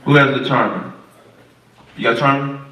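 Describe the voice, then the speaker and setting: A man's voice: medium pitch, moderate pace, sharp tone. A man leading a Sabbath Bible study, talking casually and quizzing the group. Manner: casual, questioning the group, informal speech. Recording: echoey room, far from mic.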